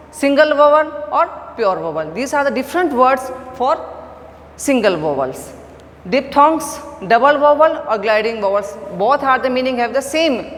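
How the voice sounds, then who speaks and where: A woman giving an online phonetics lecture, slow and repetitive, stressing key words. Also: high voice. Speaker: teacher. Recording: long echo, faint background noise.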